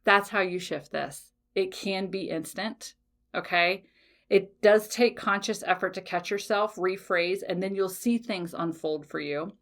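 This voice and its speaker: A woman's voice: medium pitch, unhurried. A woman hosting a podcast, talking bluntly and emphatically, swearing freely and checking in with "okay?". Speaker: podcast host. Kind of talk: casual motivational podcast talk.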